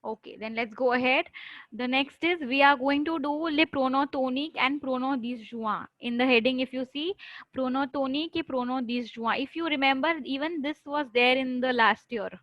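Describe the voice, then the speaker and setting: High-voiced Indian woman teaching. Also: normal speed, no echo, dull audio. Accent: Indian English. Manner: patient, repeats key points, praises students by name. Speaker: French teacher. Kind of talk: online class, mixing English and Hindi. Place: online class via chat.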